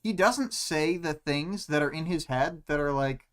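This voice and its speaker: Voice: mid-range voice, measured pace, over a noisy crowd. A young adult co-hosting a casual podcast chat, speaking hesitantly and rambling with many "like"s. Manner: hesitant, rambling, heavy use of "like". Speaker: podcast co-host. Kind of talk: casual discussion of a web serial.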